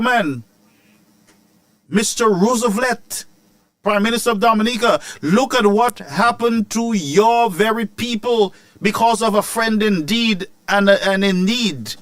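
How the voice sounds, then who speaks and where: Man, news commentary host, ranting, high voice, dry close sound. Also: no echo. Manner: animated, ranting, rhetorical questions. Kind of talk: fiery political commentary.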